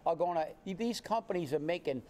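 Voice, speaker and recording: High-voiced man ranting on local politics. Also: lively intonation, a little fast, warm tone. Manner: indignant, ranting, rhetorical questions. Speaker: political commentary co-host. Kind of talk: heated political commentary.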